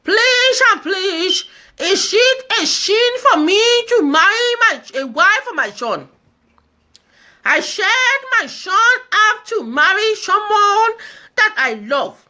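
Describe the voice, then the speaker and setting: Lady doing a squawky old mum begging and wailing, super high and swoopy, bright sharp voice. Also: big pitch swings, slow pace, heavily acted. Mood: pleading. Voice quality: squawky, cracked voice. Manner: pleading, repetitive, wailing complaints. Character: fussy elderly Nigerian mother, pleading and dramatic. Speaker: comedienne. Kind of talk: comedy skit, live video.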